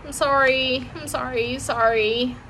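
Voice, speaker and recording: A woman voicing a loud, excitable, clumsy little girl who talks in a high, eager voice. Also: slow, slight background noise, heavily acted, poor audio. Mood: sorry.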